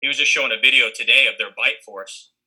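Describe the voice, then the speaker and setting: This young man's voice sits at medium pitch, quick and sharp with a breathy edge, and the audio is poor. He's casually spinning a rambling story packed with fillers and restarts. Along the way he acts out the lines other people said.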